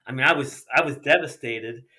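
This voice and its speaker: Bright-voiced middle-aged man spinning race yarns. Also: medium pitch, a little fast. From Ohio. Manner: animated anecdotes with lots of acted-out dialogue and casual slang. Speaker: guest, retired sprint car racer. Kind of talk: casual storytelling in a podcast interview.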